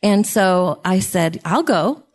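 A middle-aged woman, a guest on her husband's podcast, tells a personal story in a reflective, gently emotional way. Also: on the low side, animated, slow pace. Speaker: podcast guest, host's wife.

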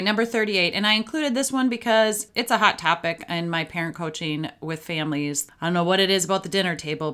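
A woman's voice: lowish voice, bright, forceful tone, clean tone. A woman, a parenting coach, hosting a solo podcast in an upbeat, matter-of-fact coaching tone.

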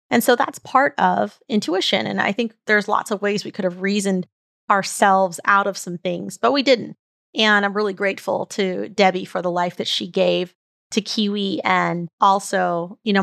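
A woman's voice: mid-range voice, gravelly, a bit bright, dry recording, studio quality. A woman hosting a podcast, telling a personal story in an earnest, heartfelt, reflective way. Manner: earnest, heartfelt, tells stories at length. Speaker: podcast host.

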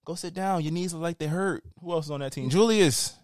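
A man's voice: fairly high pitch, fairly quick, no room sound, studio quality. A man with a New York accent, co-hosting a podcast and ranting about basketball in casual, profane, teasing banter. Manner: animated, profane, teasing rants. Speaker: podcast co-host.

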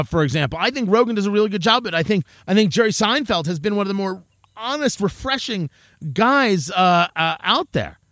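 A man delivering a rambling, animated opinion monologue, often interrupting himself. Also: sits high, no echo, clean studio sound. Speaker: commentator.

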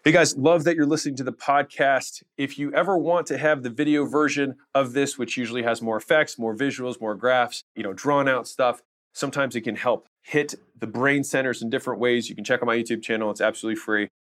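A man as podcast host, speaking directly to listeners in a relaxed plug. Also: medium pitch, brisk.

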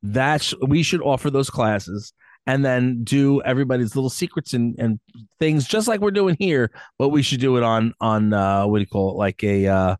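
A man co-hosting a podcast in casual chat, animated and joking, with lots of fillers and laughter. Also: medium pitch, moderate pace, no echo, studio quality. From East Coast of the US. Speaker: podcast co-host.

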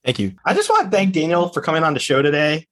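A man's voice: fairly high pitch, wildly swooping pitch, fast. A man hosting an interview podcast, praising his guest at length and wrapping up the episode with frequent restarts. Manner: warm, effusive praise with filler restarts. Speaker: podcast host.

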